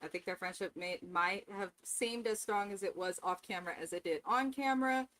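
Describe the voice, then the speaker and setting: A woman's voice: medium pitch, fairly quick, a bit bright. A woman co-hosting a casual reality TV recap, speaking candidly and bluntly. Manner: candid, blunt, swears freely. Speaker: co-host.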